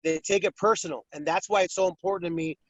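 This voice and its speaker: In a casual interview, a boxing ring announcer with a slightly high voice tells stories fast, animatedly impersonating fighters. The audio is dull, dry lo-fi.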